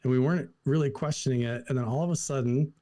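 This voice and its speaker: Young adult man from Idaho, podcast guest; mellow, relaxed voice, casual animated storytelling. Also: medium pitch, fast. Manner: animated, lots of "like" fillers, acts out quotes.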